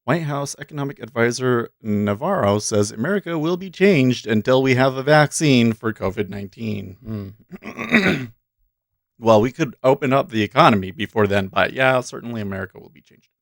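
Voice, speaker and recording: This livestream host trades stocks by day and keeps up a chatty, direct running commentary into his desk mic, pausing to think aloud. His mid-range voice is animated with some vocal fry, delivered at a moderate pace in a dry, studio-quality recording.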